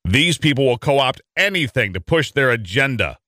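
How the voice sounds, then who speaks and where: A man's voice: medium pitch, very animated, normal speed, pushed and bright, no echo, studio quality. A middle-aged man from Michigan hosting a talk radio show, chatting in a rambling, conversational way full of fillers.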